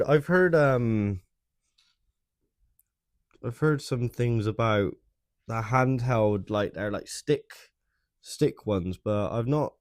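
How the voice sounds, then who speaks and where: A man hosting a livestream, chatting casually with viewers in a hesitant, soft-spoken way and often repeating his words. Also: medium pitch, no echo, clean studio sound. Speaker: livestream host. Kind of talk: casual chat with live viewers.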